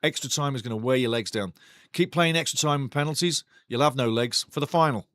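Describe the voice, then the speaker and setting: A man's voice: medium pitch, brisk, a bit bright, no room sound, clean studio sound. A man hosting a live match watch-along, commenting on the play and talking passionately to his chat. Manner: passionate, talks straight to chat; ranting, indignant.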